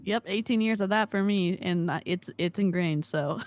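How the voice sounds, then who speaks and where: A woman's voice: mid-range voice, normal speed, a little mellow. A woman hosting a casual live stream, reacting in an incredulous, sarcastic way. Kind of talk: casual chat.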